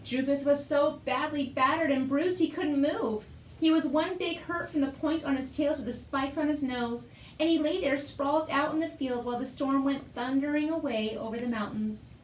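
Bright-voiced woman reading a storybook. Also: sits high, normal speed, slight background noise. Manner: lively, expressive storybook narration. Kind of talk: reading a children's picture book aloud. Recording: roomy echo.

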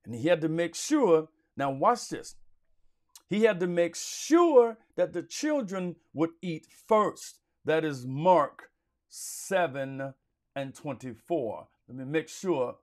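A man's voice: on the high side, very animated, slow pace, darkish tone. A man teaching a Sunday school Bible lesson in a preacherly, emphatic way, repeating phrases for stress.

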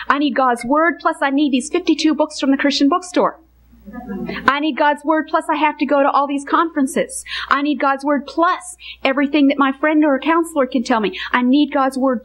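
A woman Bible teacher giving a teaching message to women, earnest and emphatic, slowing down on key phrases. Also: sits high.

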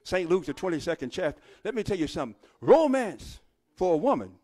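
A middle-aged man preaching a sermon from a church pulpit, calling for amens and rising to shouts. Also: sits high, very animated, a little fast. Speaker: pastor.

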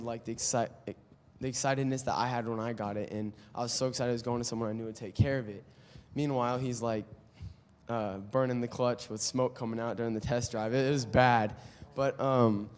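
A man's voice: medium pitch, in a large hall, a little hiss or hum. A young man giving a casual faith testimony to his team, telling a story animatedly with many fillers and restarts. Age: young adult. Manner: animated storytelling, acts out quoted voices, frequent fillers and restarts. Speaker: student speaker at a team devotional. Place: church meeting room.

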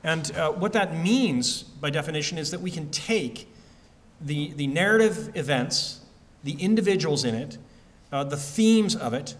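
A man speaking as an author at a library event, answering audience questions in a relaxed, conversational way with frequent fillers and restarts. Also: a little high, unhurried. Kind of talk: bookstore-style author talk and Q&A.

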